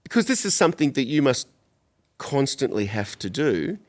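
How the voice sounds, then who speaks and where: A man's voice: mid-range voice, very animated, normal speed. A man hosting a podcast, asking curious questions in a casual interview. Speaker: podcast host.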